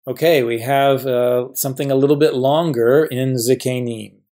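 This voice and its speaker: A male professor explains a grammar lesson at a steady, even pitch. He works through each example patiently and poses questions he then answers himself. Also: moderate pace. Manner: patient, asks and answers his own questions.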